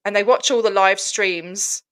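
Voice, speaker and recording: An Australian woman telling a story over a video call in a casual chat, animated and laughing often, acting out the other people in it. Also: medium pitch, unhurried. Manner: animated, laughing, mimics voices in retelling. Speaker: guest protester.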